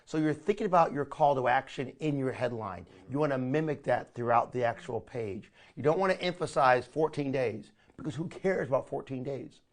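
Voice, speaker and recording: A man teaching a live online marketing training, energetic and coaching, often calling his listeners "my friend". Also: medium pitch, normal speed, few pauses.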